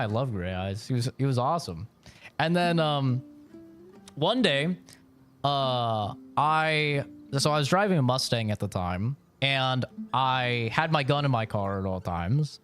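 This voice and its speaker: A man's voice: medium pitch, expressive, a little slow, a bit bright, faint music behind. A man streaming live from home, telling rambling stories in casual chat and swearing often. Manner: loose, rambling storytelling with frequent swearing.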